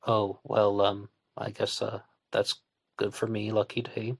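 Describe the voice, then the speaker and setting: A man's voice: fairly low pitch, completely flat delivery, a little slow, gravelly, no echo. A man hosting an online radio show, talking through a casual monologue with sarcastic asides.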